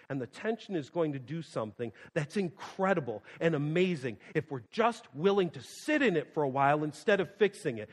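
A male pastor preaching a sermon, swinging from loud emphasis to hushed quiet and repeating phrases for emphasis. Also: a little high, expressive, brisk, few pauses. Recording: long hall reverb.

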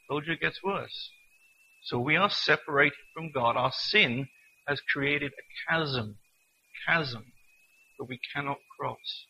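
A man preaching a sermon in an earnest manner, reading scripture slowly and deliberately. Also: on the high side, pushed and bright, husky, rough recording.

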